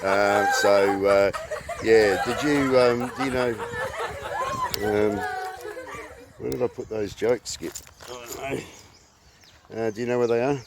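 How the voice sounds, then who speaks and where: Halting Australian man in his fifties. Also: fairly low pitch, fairly even intonation, very noisy. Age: 50s. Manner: halting, full of uh fillers. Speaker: channel host. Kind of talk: casual outdoor vlog talk.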